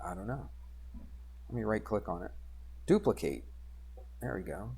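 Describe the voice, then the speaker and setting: Male math teacher, easygoing classroom delivery, quizzes the class, mutters while clicking through software. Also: on the low side, expressive, normal speed, gravelly, husky. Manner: conversational, asks students questions and answers himself; talks while working drawing software, mutters asides. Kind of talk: classroom geometry lesson.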